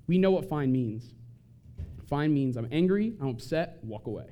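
A man giving an animated talk to an audience and acting out short quoted voices. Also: on the high side, moderate pace. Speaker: speaker on family conflict.

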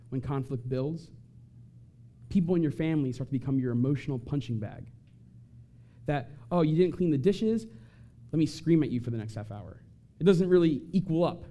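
A man giving an animated talk to an audience and acting out short quoted voices. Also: on the high side. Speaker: speaker on family conflict.

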